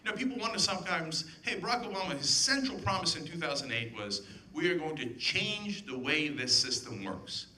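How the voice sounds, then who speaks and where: Guy giving a heated speech, bright sharp voice, goes up and down a lot, sarcastic questions. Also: a little high, sing-song, a little fast, slight background noise. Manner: emphatic, sarcastic rhetorical questions. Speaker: political commentator giving a speech. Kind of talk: impassioned public speech. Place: event hall with audience.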